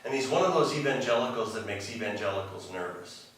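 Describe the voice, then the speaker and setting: A man's voice: lowish voice, animated, quick pace, fairly bright tone, heavy reverb, far from the mic, poor audio. A man preaching a sermon in a loose, conversational way, full of restarts and asides. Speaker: pastor. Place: church sanctuary.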